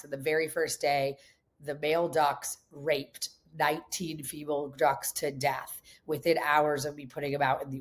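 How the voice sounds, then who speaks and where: Interview guest: middle-aged woman, low-ish voice, animated storyteller, lots of "like" and self-corrections. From upstate New York. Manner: animated, many fillers and restarts, quotes others in voices. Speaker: guest, farmer and chef.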